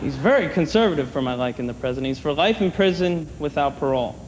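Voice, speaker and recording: A man doing a stand-up comedy set on a comedy club stage, wry and conversational, slipping into quick voices for his bits. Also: fairly high pitch, lively intonation. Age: older than 30. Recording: long hall reverb, clear room noise, 1990 TV taping.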